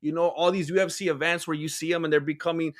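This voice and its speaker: A man's voice: on the high side, little pitch movement, fast talker, no echo, clean studio sound. A man co-hosting a podcast in casual chat, opinionated and rambling. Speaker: podcast co-host.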